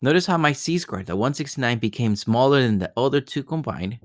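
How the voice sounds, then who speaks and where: A man's voice: medium pitch, lively intonation, brisk, dry recording, clean studio sound. A male math teacher working through geometry problems step by step, often repeating himself and checking in with "right?". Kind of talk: recorded math lesson.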